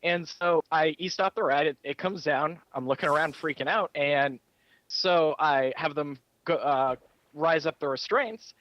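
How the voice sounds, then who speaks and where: A man's voice: on the high side, measured pace, fairly bright tone, dry recording, dull audio. A man who works as a rides operator at a theme park, telling a story in casual chat and acting out the people he quotes. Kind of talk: casual chat while gaming.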